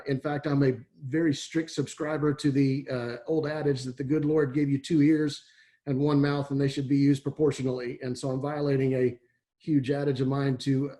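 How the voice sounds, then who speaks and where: A man's voice: medium pitch, warm tone. Middle-aged texas guy rambling folksy on a webinar call, lots of uh and restarts. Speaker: athletic director. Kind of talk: webinar presentation. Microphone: video call.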